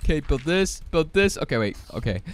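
A young man giving excitable, frantic gameplay commentary, often yelping and repeating himself. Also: on the high side, fairly quick. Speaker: gaming youtuber.

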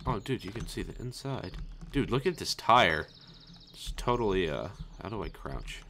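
A man giving excitable, jokey, profane commentary while playing a game. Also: fairly low pitch, normal speed, a little hiss or hum. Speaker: let's play host. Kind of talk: gameplay commentary.

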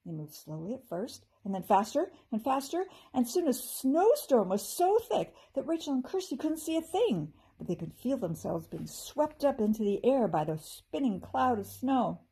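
A woman teacher reading a children's chapter book aloud with expressive, animated narration. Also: on the high side, moderate pace, hardly any pauses, slightly rough. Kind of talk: storybook read-aloud.

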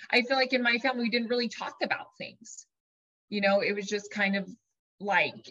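A woman life coach explaining ideas to her audience, lively and chatty, sometimes putting on her own dramatic inner voice as an example. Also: on the high side, lo-fi sound. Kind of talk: teaching talk to an audience.

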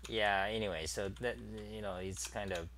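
A man's voice: fairly low pitch, fairly even intonation, moderate pace, a bit bright, a little hiss or hum. A middle-aged man hosting a casual live-stream chat, rambling and thinking aloud with many fillers while he types at his desk. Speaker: talk show host.

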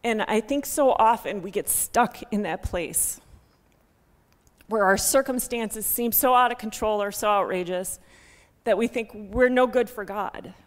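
A heartfelt woman shares a testimony into a handheld microphone, her mid-pitched voice carrying a long reverb through a church sanctuary. She speaks loudly, laughs easily and wears her emotions openly. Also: measured pace. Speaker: guest speaker sharing a ministry testimony.

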